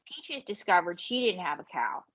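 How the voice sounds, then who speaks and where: A woman comedian and ventriloquist telling lively, swearing anecdotes as a podcast guest. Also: on the low side, highs cut off. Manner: animated storyteller, swearing, quick quoted voices. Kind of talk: casual podcast storytelling.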